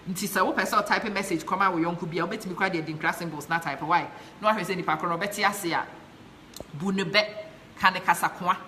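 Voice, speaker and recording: A woman's voice: fairly low pitch, bright, forceful tone, slight background noise. A woman from Ghana with a Ghanaian accent, passionately hosting a live stream, chatting and reading out viewer comments while mixing English and Twi. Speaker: live show host.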